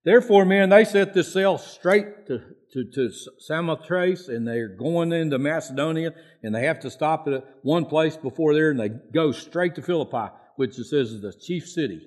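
With a slightly high, darkish voice, this male pastor preaches at a moderate pace with few pauses. His sermon is homespun and repetitive, and he gets louder to act out prayers.

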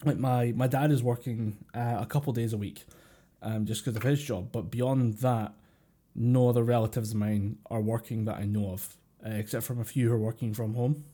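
Scottish male co-host, mid-pitched and mellow, chatty and rambling. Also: steady tone, normal speed, breathy edge. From Scotland. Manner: rambling, with many fillers and chuckles. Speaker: podcast co-host. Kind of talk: casual chat. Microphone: computer mic over a voice call.

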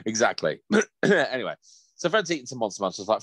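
Man, podcast co-host, animated pitch, casual swearing, low voice. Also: fairly quick, no echo. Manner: lively, swears a lot, acts out quotes. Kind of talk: casual chat.

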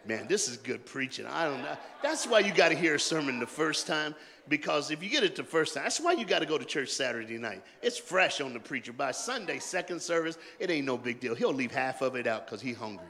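A man preaching a sermon in a loose call-and-response style, joking in colloquial asides and swinging between shouted rallying lines and hushed, quiet talk. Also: on the high side, lively intonation, a little fast. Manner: jokey, colloquial and emphatic. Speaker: pastor. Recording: long hall reverb.

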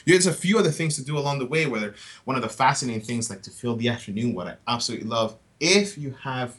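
Tour guest type: upbeat, chatty man with a bright, forward voice, keeps tossing in "right?". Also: medium pitch, expressive, fast. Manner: enthusiastic, chatty, often adds "right?". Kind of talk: casual podcast chat.

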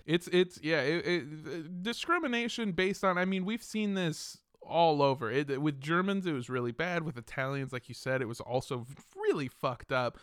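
Young male podcast host: raised pitch, smooth clear tone, animated, swears a lot. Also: moderate pace, few pauses, dry recording, clean studio sound. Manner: swears often, animated storytelling. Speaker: podcast host telling a history story. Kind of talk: casual podcast chat.

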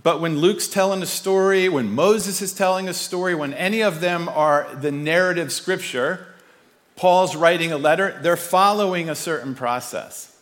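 A man's voice: fairly high pitch, moderate pace, fairly bright tone, in a large hall. A man preaching a sermon in a church, talking in a casual, conversational way with frequent restarts. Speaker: pastor. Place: church sanctuary.

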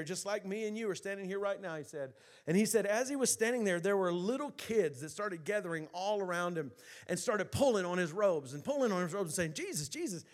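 High-voiced preaching man. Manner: preaching with rising emphasis, then dropping soft to tell a story. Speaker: pastor. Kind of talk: sermon.

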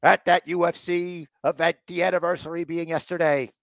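A man's voice: a little high, little pitch movement, moderate pace, gravelly, dry recording. A man co-hosting a podcast, recapping a wrestling show in casual chat and acting out the wrestlers' lines. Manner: acts out wrestlers' lines in mock voices. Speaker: podcast co-host.

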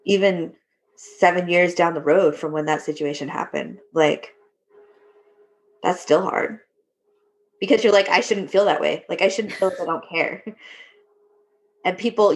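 Candid woman veteran, low voice. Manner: candid, laughs at dark humor. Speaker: military veteran. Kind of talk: casual conversation.

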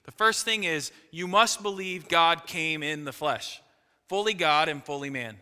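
Male pastor, sermon delivery, slightly high and very bright, emphatic swings in volume. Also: measured pace, clear, resonant tone, in a large hall. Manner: emphatic preaching, rising to loud peaks then dropping low.

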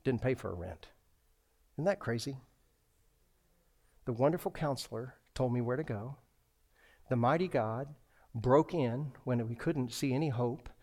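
A man's voice: medium pitch, unhurried, long pauses, a little mellow. A man preaching a sermon as a pastor, telling a personal story with lots of restarts and acted-out dialogue.

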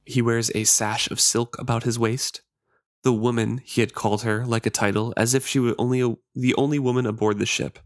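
A man's voice: mid-range voice, flat delivery, brisk, no echo, studio quality. A man co-hosting a podcast, chatting casually about a novel and reading passages from it aloud. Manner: conversational, explaining plot details. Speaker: podcast co-host.

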